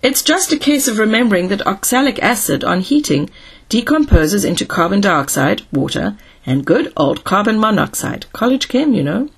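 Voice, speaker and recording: An earnest, anxious young male engineer in a sci-fi audiobook, read by a woman. He explains things carefully, in a soft, slightly breathy voice. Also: medium pitch, very animated, normal speed, heavily acted.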